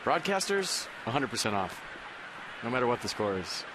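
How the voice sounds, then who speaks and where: Color commentator, male, mid-range voice, dry joking banter, booth audio with steady noise. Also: medium pitch, moderate pace. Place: broadcast booth at a ballpark. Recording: noisy broadcast audio.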